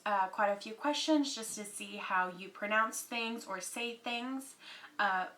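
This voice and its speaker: Chatty Texan woman with a bright voice. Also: medium pitch, low-quality recording. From Texas. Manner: chatty, many fillers, says y'all. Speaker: beauty YouTuber. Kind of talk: casual chat to camera.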